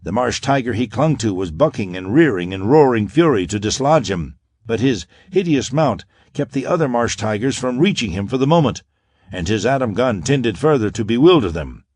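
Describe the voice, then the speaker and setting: Man, audiobook narrator, dramatic, expressive, lowish voice, animated, dry recording. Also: moderate pace, dry recording.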